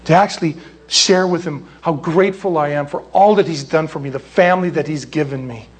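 A middle-aged man from California preaching a sermon as a pastor, jokey and animated, squealing when he acts out quotes. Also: on the high side, brisk, breathy edge.

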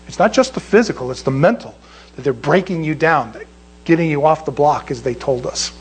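Animated high-voiced older man preaching. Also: fairly quick, breathy edge. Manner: animated, emphatic, rises sharply when stressing a point. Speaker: pastor. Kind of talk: sermon storytelling.

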